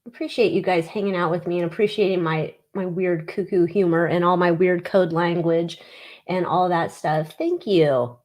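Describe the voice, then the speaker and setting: A woman's voice: fairly low pitch, steady tone, moderate pace, a little mellow. Blunt, chatty woman streamer. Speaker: livestream host. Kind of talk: casual chat reading viewer comments.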